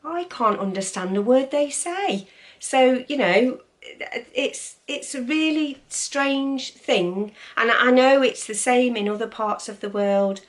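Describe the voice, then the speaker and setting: A woman's voice: on the high side, lively intonation, takes it slowly. A woman with an East Midlands English accent chatting casually to camera, with lots of ums and opinionated asides. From East Midlands, England. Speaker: vlogger.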